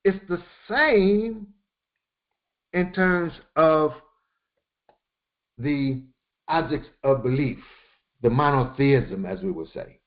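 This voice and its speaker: Lively lo-fi man teaching Quran commentary. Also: on the high side. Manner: explains slowly with repetitions and Arabic quotations. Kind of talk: verse-by-verse Quran commentary lesson. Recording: dull lo-fi recording.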